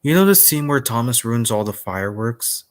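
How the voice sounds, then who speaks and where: A man's voice: medium pitch, lively intonation, normal speed. A young man co-hosting a stream, mostly giving brief, agreeing replies in casual chat.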